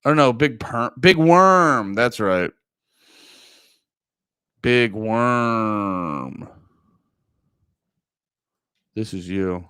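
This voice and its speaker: A man's voice: mid-range voice, animated, very slow, pauses often, sharp tone, clean tone, dry recording. A man streaming live, chatting casually with his viewers in a rambling, profane, joking way.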